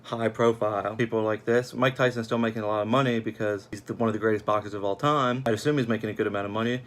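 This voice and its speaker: A man's voice: lowish voice, fairly even intonation, rapid-fire, fairly bright tone. A young man giving a casual, sarcastic film review, rambling at an uneven pace.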